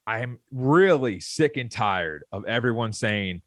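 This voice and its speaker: A young man co-hosting a sports podcast. He rants in a heated, fired-up way at a mid pitch. His voice sounds close and dry, with no room echo. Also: lively intonation, a little slow, a bit bright. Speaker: podcast co-host. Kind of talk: casual sports podcast rant.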